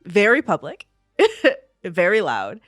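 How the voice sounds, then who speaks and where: A woman's voice: lowish voice, huge pitch swings, slow, fairly bright tone, no room sound, studio quality, soft background music. A woman co-hosting a podcast in casual chat. She talks animatedly, laughs often and acts out quotes. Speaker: podcast co-host.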